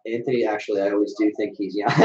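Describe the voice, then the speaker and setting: A man co-hosting a casual webcast, joking around in deadpan sales patter. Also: fairly low pitch, moderate pace. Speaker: co-host. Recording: roomy, dull webcast audio.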